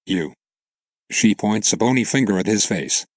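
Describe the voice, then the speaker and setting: A man's voice: fairly low pitch, brisk, no echo. A man narrating an online story aloud in a plain, matter-of-fact way.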